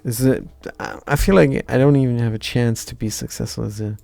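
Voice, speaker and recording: A man streaming himself coding, thinking aloud with halting restarts and reading out chat comments. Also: medium pitch, vocal fry, a little mellow, no echo. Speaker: Twitch streamer. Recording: faint background music.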